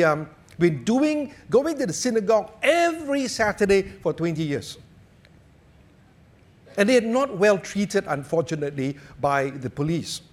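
A man preaching a sermon, telling stories and jokes in an animated way. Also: high-pitched.

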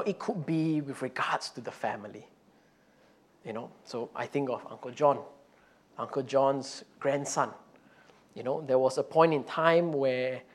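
A man preaching a conversational sermon and telling a story, with frequent "you know" fillers and restarts. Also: medium pitch. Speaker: pastor.

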